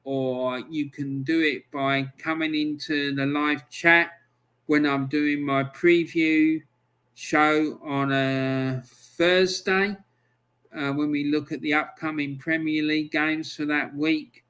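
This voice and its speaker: A man's voice: fairly high pitch, little pitch movement, slow pace, a bit bright, clear, resonant tone. A man hosting his own football review channel, talking alone in a chatty, exasperated, bantering way. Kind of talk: solo football review talk.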